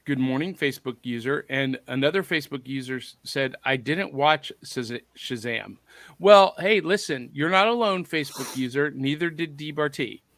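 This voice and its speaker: A man's voice: mid-range voice, normal speed, fairly bright tone, no echo. A man hosting a podcast, reading out viewer comments in a playful, jokey, casual chat. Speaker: podcast host.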